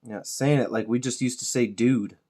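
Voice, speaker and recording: A man's voice: mid-range voice, steady tone, normal speed, warm tone. A middle-aged man chatting casually while he paints miniatures, laid-back, swearing freely and joking at his own expense. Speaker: miniature painting channel host.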